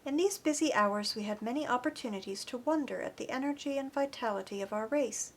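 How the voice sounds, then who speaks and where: Woman reading a book aloud, earnest and expressive, a bit high-pitched. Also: brisk. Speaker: audiobook reader. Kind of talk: scripted narration.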